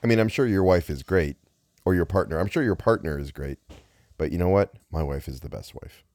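A man's voice: low voice, animated, brisk, a little mellow, dry recording, clean studio sound. A man reading old ghost stories aloud, often breaking off to joke about his own slips and grumble. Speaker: storyteller.

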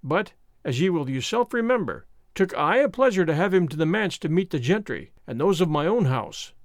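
An earnest old minister who lectures in a solemn, sermonizing way, as a man reads him aloud for an audiobook. The voice sits high and swings widely, and the sound is close and dry. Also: very animated, normal speed, dry recording. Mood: earnest counsel. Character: kindly old Scottish country minister, earnest. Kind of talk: audiobook reading.

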